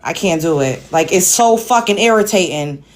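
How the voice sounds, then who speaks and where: A woman's voice: fairly low pitch, lively intonation, normal speed. A woman from Brooklyn with a New York accent, hosting a live panel chat in a blunt, profane, exasperated way. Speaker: host.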